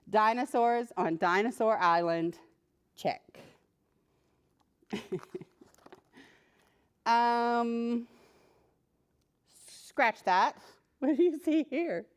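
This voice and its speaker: Reading a picture book to a group of preschoolers, this woman librarian keeps things lively and fun. Her voice leans high, she chats directly with the characters, and laughter comes often.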